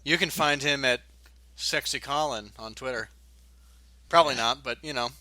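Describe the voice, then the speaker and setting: A man's voice: medium pitch, moderate pace, sharp tone, no room sound. A man hosting a podcast, wrapping up segments with dry jokes in casual chat. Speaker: podcast host.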